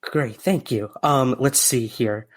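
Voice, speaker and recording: A man's voice: medium pitch, takes it slowly. A man with a mid-range voice hosting a podcast interview. He asks his questions in a friendly way with plenty of ums and uhs, and reads out listener questions. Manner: friendly, filler-heavy questions. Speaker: podcast host.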